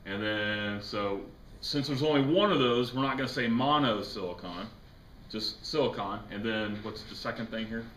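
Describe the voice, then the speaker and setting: A man's voice: on the low side, moderate pace, fairly bright tone. A man teaching a chemistry class, lecturing casually, joking and quizzing his students. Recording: echoey classroom with faint noise.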